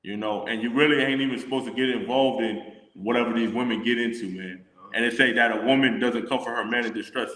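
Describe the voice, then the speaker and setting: A man leading a casual religious discussion, reading scripture slowly and deliberately. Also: mid-range voice, fairly even intonation, a bit bright. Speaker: scripture teacher. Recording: echoey room with long reverb.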